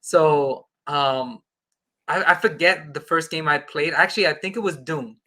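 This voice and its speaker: A man, a podcast guest, telling an excited casual anecdote and acting out the dialogue. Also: on the high side, unhurried.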